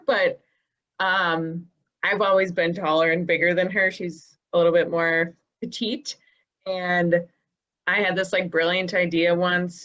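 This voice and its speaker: A woman telling a rambling, animated childhood story over a video call, full of fillers. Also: lowish voice, dull audio. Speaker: comedy performer.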